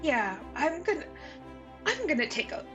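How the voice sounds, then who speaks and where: A woman voicing a shaken young female fey creature who speaks in a halting, dazed way, over background music. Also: high-pitched, very animated, lo-fi sound, pitched above the performer's own voice.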